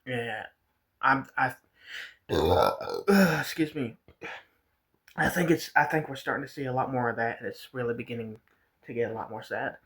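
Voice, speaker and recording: A man's voice: mid-range voice, animated, moderate pace, pauses often, fairly bright tone, breathy edge. A man vlogging a casual, rambling rant, repeating himself and swearing as he talks. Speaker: vlogger reacting to a video. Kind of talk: casual ranting commentary.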